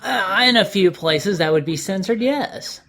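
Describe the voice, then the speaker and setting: A man's voice: high voice, expressive, measured pace, a bit bright, faint music behind. A man dropping dry, wry quips during a casual game playthrough. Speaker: co-commentator. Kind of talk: casual gaming commentary.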